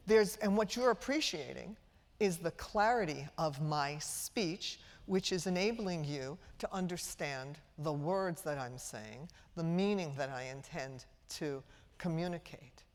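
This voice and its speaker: A middle-aged woman from Brooklyn lecturing parents as a speech-language pathologist, theatrical and playful, asking the audience questions. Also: low-pitched. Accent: trained-out Brooklyn New York. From Brooklyn, New York. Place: large auditorium before a live audience. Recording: lecture hall with long reverb.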